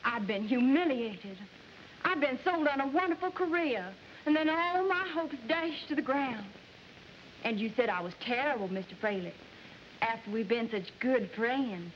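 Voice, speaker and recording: A woman's voice: fairly high pitch, expressive, normal speed, close to an everyday voice. Woman playing a haughty Southern belle singer. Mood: wheedling. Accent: American Southern. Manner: haughty, indignant, scheming. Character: vain spoiled female singer, demanding and sly. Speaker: recording singer. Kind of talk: 1940s film acting. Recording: dull old film soundtrack with hiss.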